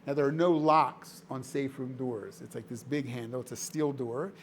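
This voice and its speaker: A man's voice: medium pitch, fairly even intonation, normal speed, slight background noise. A man giving a storytelling speech to an audience as a charity director, emphatic and dramatic, repeating phrases for effect. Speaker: director of a charity, guest speaker. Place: indoor room before a live audience.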